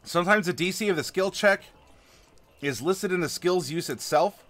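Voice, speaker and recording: Sarcastic guy reading rules out loud, kinda high voice, lots of ums. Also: moderate pace. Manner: sarcastic, rambling with fillers. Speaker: host reviewing a game rulebook. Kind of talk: casual read-along review.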